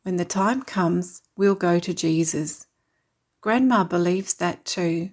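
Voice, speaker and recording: A woman voicing a tired but caring mother in a storybook reading, speaking gently and reassuringly. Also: on the low side, slow.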